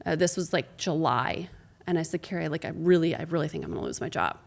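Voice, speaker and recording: Woman, 30s, sports broadcaster as interview guest; lowish, gravelly voice, emotional storyteller. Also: quick pace. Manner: emotional storytelling, acts out quoted conversations. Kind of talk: candid interview conversation.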